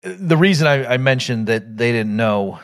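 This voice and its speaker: A man hosting a podcast, casually recapping an old animated film, thinking aloud with restarts and acting out quoted lines in sudden loud bursts. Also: medium pitch, moderate pace. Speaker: podcast host.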